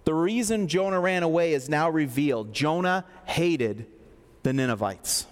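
High-voiced joking preacher in a reverberant hall. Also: male voice, animated, measured pace. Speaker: pastor. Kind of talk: sermon.

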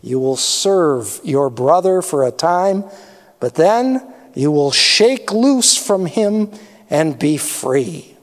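A man voicing an aged, blind father in a grave, measured reading. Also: a little high, expressive. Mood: solemn. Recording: long hall reverb.

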